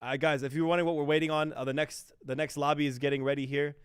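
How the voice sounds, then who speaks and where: A man casting an esports match on a livestream in a relaxed, chatty way, talking to his chat. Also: fairly high pitch, rapid-fire, clear, resonant tone, no room sound, clean studio sound. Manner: laid-back, chatty, apologetic about the stream. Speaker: esports caster. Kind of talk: casual livestream commentary.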